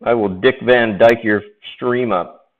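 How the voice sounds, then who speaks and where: A man's voice: mid-range voice, fairly even intonation, slow pace. A man chatting casually while he paints live, joking around and laughing often. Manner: jokey, laughs often, playful banter. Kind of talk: casual chat. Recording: dull, muffled stream audio.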